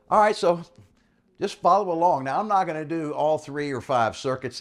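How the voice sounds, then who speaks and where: A man coaching a bodyweight workout, explaining in a casual, encouraging way and often checking in with "all right?". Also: lowish voice. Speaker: fitness coach. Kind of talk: workout instruction.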